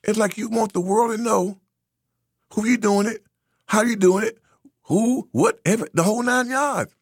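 A man's voice: high voice, moderate pace, breathy edge, no room sound, clean studio sound. A man from the United States giving a preachy, emphatic commentary monologue, repeating phrases for effect. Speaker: social commentator.

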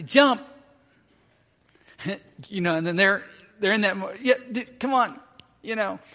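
Man, pastor, sermon, lively storytelling, slightly high voice, long hall reverb. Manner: storytelling, acts out quotes with rising intensity.

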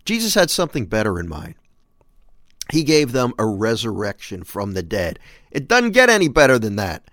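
A man's voice: lowish voice, wildly swooping pitch, moderate pace, a bit bright, no room sound, studio quality. A man hosting a show, reading scripture aloud and reflecting on it in an earnest, emphatic way. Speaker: host.

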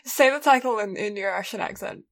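A woman's voice: medium pitch, brisk, vocal fry. A woman co-hosting a casual anime podcast, teasing and giggly. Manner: giggly, teasing, lots of fillers. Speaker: podcast co-host.

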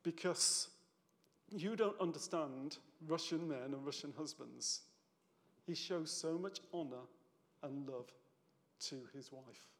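A man's voice: on the high side, takes it slowly. A man preaching a sermon in church, chatty and conversational, often checking in with "yeah?" and at times moved. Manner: conversational, tag questions, gets emotional. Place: church hall. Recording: long hall reverb.

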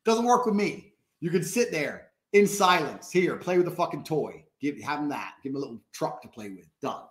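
A man's voice: a little high, sing-song, normal speed, echoey room. A man speaking as a podcast guest, blunt and emphatic, swearing and hammering his points with repetition. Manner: blunt, profane, emphatic, repeats phrases. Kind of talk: casual interview talk.

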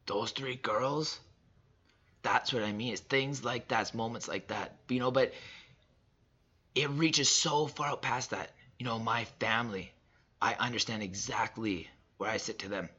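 Guy in his 30s preaching about self-worth, husky edgy voice, kinda muffled recording, hammers the same points over and over. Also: mid-range voice, a little slow. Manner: emphatic and repetitive, drops from loud to soft. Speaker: father sharing reflections. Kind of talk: personal motivational monologue.

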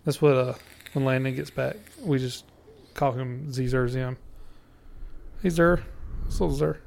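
A man's voice: mid-range voice, steady tone, measured pace, gravelly, darkish tone. A man, co-hosting a casual podcast, blunt and swearing freely with frequent laughs. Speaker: podcast co-host. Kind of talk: casual chat.

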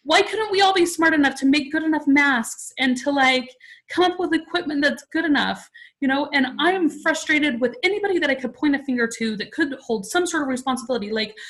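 Her voice sits high and a bit bright, and she speaks briskly on a low-quality recording. She's a woman in her forties, a guest on a podcast, telling a personal story emotionally and chattily, saying "like" a lot.

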